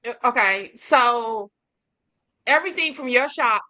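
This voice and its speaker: A woman's voice: fairly high pitch, lively intonation, a little slow, pushed and bright. A woman guest in a casual interview, earnest and rambling, with lots of fillers.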